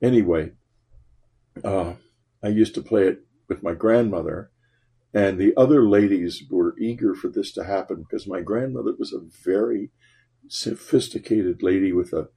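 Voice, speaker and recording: An older man telling a personal story in a rambling, halting way, with wry laughs. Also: low-pitched, warm tone, breathy edge. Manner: rambling, halting with many restarts and fillers; wry, laughs while recalling.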